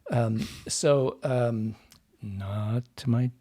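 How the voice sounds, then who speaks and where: A man's voice: mid-range voice, extremely slow, warm tone. A man, a dialect coach and actor, explaining at length in a casual podcast interview and drifting off into side topics. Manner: explains at length, wandering and digressive.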